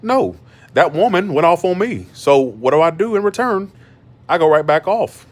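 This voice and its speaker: A man's voice: on the high side, animated, moderate pace. A man hosting a tarot channel, ranting bluntly in casual livestream talk and repeating himself for emphasis.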